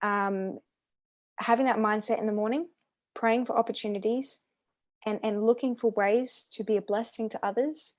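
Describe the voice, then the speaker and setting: A woman's voice: a little high, steady tone, moderate pace, darkish tone. An Australian woman co-hosting a church podcast, speaking earnestly and enthusiastically about faith. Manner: earnest, enthusiastic, repeats words. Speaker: podcast co-host. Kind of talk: casual faith discussion.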